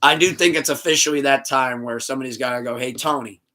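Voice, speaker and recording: A man hosting a podcast in casual chat, telling the story in an animated, swearing rant. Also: mid-range voice, fast, noisy background. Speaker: podcast host.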